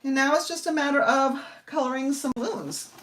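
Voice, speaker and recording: A high-pitched woman talks a little fast with a fairly bright tone while leading a live card-making demonstration. She rambles amiably and thinks out loud as she goes. The mic is far off in an echoey room, with a faint hiss or hum.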